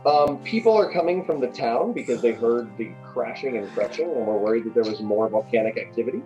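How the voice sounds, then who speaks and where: A man's voice: mid-range voice, animated, a little fast, music in the background. A man narrating a tabletop game as game master, describing the scene with fillers, over dull lo-fi audio.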